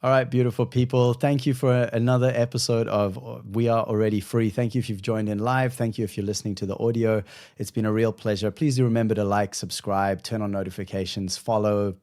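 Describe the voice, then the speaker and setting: A man hosting a podcast, speaking in a heartfelt, effusive way and thanking his guest and listeners warmly. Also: mid-range voice. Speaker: podcast host. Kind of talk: conversational podcast talk.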